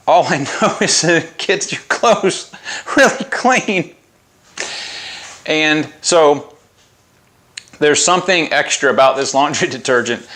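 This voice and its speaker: A man's voice: fairly high pitch, fairly bright tone. A man hosting a casual product review vlog, chatty and informal, who keeps breaking into giggles as he talks to his viewers. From United States. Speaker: car care product reviewer. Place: outdoors by a house and driveway.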